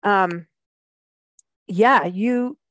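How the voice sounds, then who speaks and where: A woman's voice: medium pitch, extremely slow, fairly bright tone, no room sound. A woman from South Africa hosting a radio travel show, chatting in a rambling way full of "you know". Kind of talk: casual radio chat.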